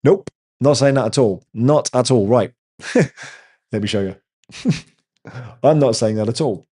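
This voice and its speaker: A man's voice: medium pitch, takes it slowly, mellow, breathy edge. A man, hosting a casual live chat with viewers and telling rambling stories. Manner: rambling, chatty storyteller. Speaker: host answering viewer chat.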